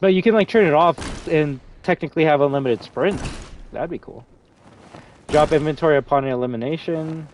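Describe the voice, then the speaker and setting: A man's voice: a little high, moderate pace, slight background noise. A man streaming a game, chatting casually with a friend and his viewers, rambling with restarts and casual swearing. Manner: rambling, many restarts and fillers, swears freely. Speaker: streamer hosting a game lobby. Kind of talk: casual live-stream chat.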